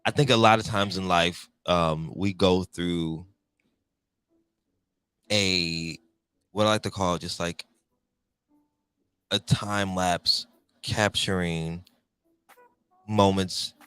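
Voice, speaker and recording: Young man, podcast co-host, fairly low bright voice, lively ups and downs. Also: slow pace, pauses often, clean tone, dry recording. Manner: animated, reflective when leading a segment. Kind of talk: casual podcast chat.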